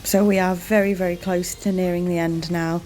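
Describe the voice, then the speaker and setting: A woman hosting her gaming channel, giving chatty, rambling let's-play commentary and warmly thanking her viewers. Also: fairly low pitch, flat delivery, fairly quick, slight background noise.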